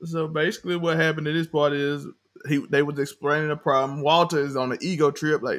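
A young man co-hosting a casual TV recap chat, animated and laughing often, acting out the characters' lines. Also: on the high side, fairly quick. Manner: animated, laughing, acts out quotes in character voices. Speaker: show co-host.

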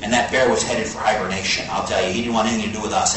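A man preaching a sermon, telling a folksy story in an animated way and swinging between quiet low asides and high exclaims. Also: very fast. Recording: echoey hall from far off, faint hiss.

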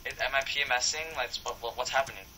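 A teenage boy chatting casually while gaming, goofing around with silly sing-song noises and sudden bursts of excitement. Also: medium pitch, quick pace, a little hiss or hum. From Filipino heritage. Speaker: Minecraft player. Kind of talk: casual gameplay chat.

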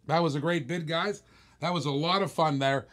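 A man calls bids on a live-stream auction, all hyped-up patter and playful teasing of the bidders. His voice sits a bit high for a man. He talks like a showman working a crowd. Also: moderate pace, fairly bright tone. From Australia.

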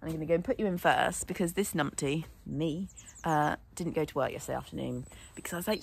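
A woman's voice: lowish voice, expressive, fast talker, creaky, darkish tone, a little hiss or hum. A young woman, a horse vlogger, chatting casually to camera in a rambling, laughing way at a stable yard.

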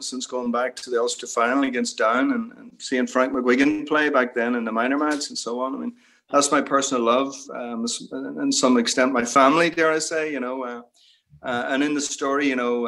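Male guest, middle-aged, mid-pitched, musing over a video call. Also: fairly bright tone. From Northern Ireland. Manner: reflective, lots of "you know" asides. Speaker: interview guest. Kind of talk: reminiscing interview talk.

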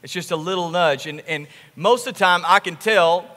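A male pastor preaching a sermon, telling the story with animated, emphatic repetition. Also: sits high, moderate pace, in a large hall. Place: church sanctuary.

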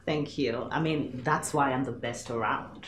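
A self-assured actress. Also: female voice, rumbling low, echoey room, a little hiss or hum. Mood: flirty.

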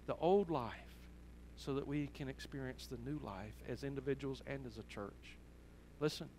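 A man's voice: a little high, a little hiss or hum. A man, a pastor, giving an earnest sermon directly to his church. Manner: earnest storytelling, direct address.

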